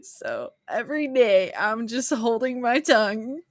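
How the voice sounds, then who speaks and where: A woman's voice: on the high side, a little slow, dry recording, studio quality. A woman co-hosting a podcast in casual chat, wry and laughing about work. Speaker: podcast co-host.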